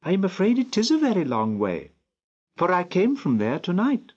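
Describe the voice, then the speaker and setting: A man's voice: high voice, huge pitch swings, moderate pace, lo-fi sound, voice pushed up, heavily acted. A man putting on a timid little girl's voice. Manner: soft, timid and earnest. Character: timid little girl, lost at night.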